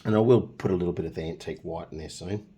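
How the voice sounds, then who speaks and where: A man's voice: deep voice, very fast, dark tone, slightly rough. A middle-aged man hosting a casual painting tutorial, chatting and joking as he works and humming nonsense tunes. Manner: chatty, jokey, hums nonsense tunes while working.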